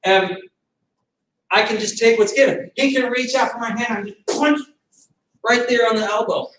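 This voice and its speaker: A male martial arts instructor teaching a self-defense class, animated, acting out fight scenarios with sudden shouts. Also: very high voice, a little fast, noisy background. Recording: echoey room from far off.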